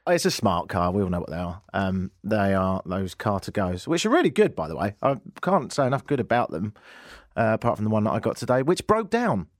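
A man hosting a radio show, telling a joking story in an animated way from a studio. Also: lowish voice, fairly quick, no room sound. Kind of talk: comic radio monologue.

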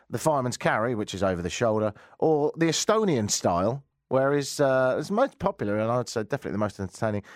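A man's voice: medium pitch, no room sound, studio quality. A man hosting a radio show, giving casual commentary with wry, rambling jokes and asides. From England. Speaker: radio host.

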